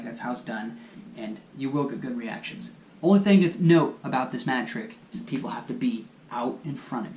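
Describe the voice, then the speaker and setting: Male tutorial host, mid-range voice, casual and instructive, echoey room. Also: mid-range voice. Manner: chatty and instructive, talks viewers through hand moves. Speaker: magic channel host.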